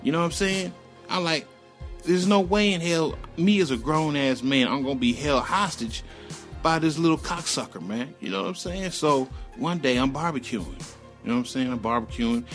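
A man's voice: fairly high pitch, normal speed, soft background music. A middle-aged man telling a personal story in a casual, profane and emphatic way.

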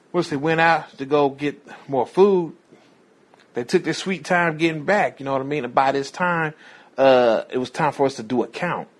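A man who worked as a prison correctional officer telling a rambling, profane story in a casual way. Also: mid-range voice. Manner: profane, rambling, digressive, chuckling asides.

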